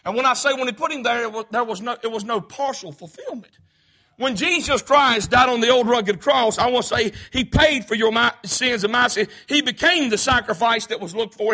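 A man's voice: very high-pitched, a little fast, sharp tone. A man preaching a sermon, emphatic and punctuating his points with "hey".

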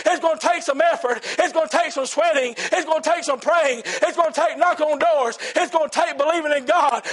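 A man preaching a sermon as pastor in a church, in rhythmic repeated phrases that rise to shouts. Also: extremely high pitch.

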